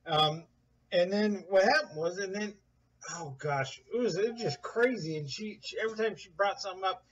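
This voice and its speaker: A man casually telling a rambling story, animated, quoting others in a raised voice, with a husky voice. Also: sits high, normal speed, lo-fi sound. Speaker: guest recounting events.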